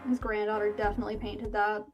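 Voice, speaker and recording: A woman's voice: mid-range voice, little pitch movement, fast. A woman streaming a game, chatting playfully and gushing over what she sees. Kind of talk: casual game stream commentary. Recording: game music playing behind.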